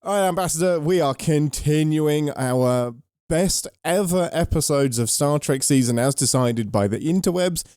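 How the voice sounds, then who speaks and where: A man chatting on his podcast in a groggy morning voice, dark and mellow in tone. He jokes, swears casually and slips into a mock-formal captain's intro. The sound is close and dry. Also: fairly high pitch, normal speed, few pauses, clear, resonant tone, no echo. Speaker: podcast co-host. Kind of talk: casual chat.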